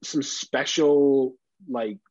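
A husky-voiced man co-hosts a podcast, spinning stories in a casual way and putting on the voices of the people in them. He laughs easily and swears freely. The sound is dry and a bit dull. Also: medium pitch, drawn-out words, dry recording. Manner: animated, acts out other people's lines, laughs often, swears casually. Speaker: podcast co-host. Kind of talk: casual storytelling chat.

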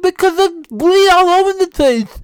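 A man voicing himself as a whiny man with a bleeding tongue, talking high and slurred with his tongue out. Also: expressive, moderate pace, no echo. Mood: whining.

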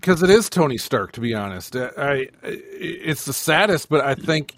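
A man co-hosting a casual podcast chat, speaking in a halting way with many restarts. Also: mid-range voice, lively intonation, fairly bright tone, no room sound, clean studio sound. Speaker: podcast co-host.

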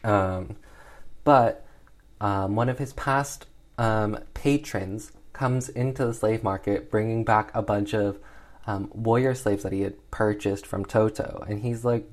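A man's voice: fairly low pitch, steady tone, a little slow. A young man casually recapping an old comedy film in a rambling way, full of "like" and "um" fillers. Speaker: film reviewer.

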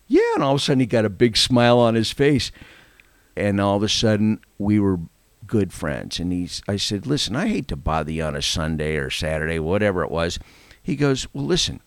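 A man's voice: on the low side, vocal fry, dry recording. A man, a podcast guest, earnestly telling a long personal story. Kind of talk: storytelling anecdote.

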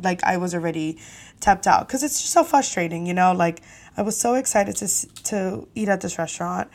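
A young woman hosting a podcast, telling a story casually with lively, profane, exasperated energy. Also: medium pitch, fairly quick. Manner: animated, profane, exasperated retelling. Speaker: podcast host.

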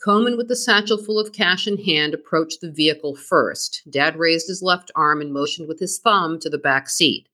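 A woman's voice: sits low, moderate pace, few pauses, bright, forceful tone. A woman co-hosting a podcast, reading a scripted true-crime story in a storytelling manner. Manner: reads from a script, dramatic storytelling. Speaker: podcast co-host.

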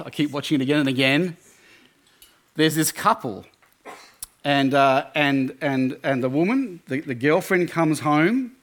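A man giving a sermon talk at a student camp, in an animated storytelling manner that often stops and restarts. His voice sits on the higher side for a man. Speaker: camp speaker.

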